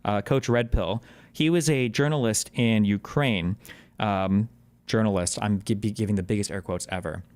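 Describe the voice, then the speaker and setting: A man's voice: lowish voice, a little mellow, smooth, dry recording. Male streamer, casual political rant, sarcastic and swearing, dry close mic. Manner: profane, fast-shifting, sarcastic. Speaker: streamer reacting to clips.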